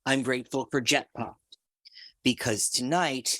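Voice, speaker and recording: A man's voice: fairly low pitch, steady tone, moderate pace, creaky, fairly bright tone, dry recording. A man in a recovery group who talks in a gushing, repetitive way, heard over a video call. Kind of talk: group sharing.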